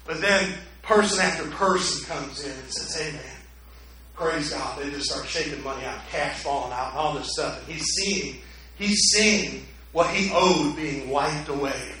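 High, bright-voiced male preacher. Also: normal speed, very echoey, poor audio. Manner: dramatic storytelling, swinging from hushed to loud. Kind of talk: sermon.

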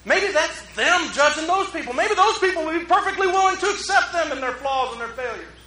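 A man preaching a relaxed, conversational sermon as pastor, joking at his own expense and drawing in the congregation. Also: very high-pitched, brisk. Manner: joking, self-mocking, talks with the congregation. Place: church. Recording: roomy hall echo.

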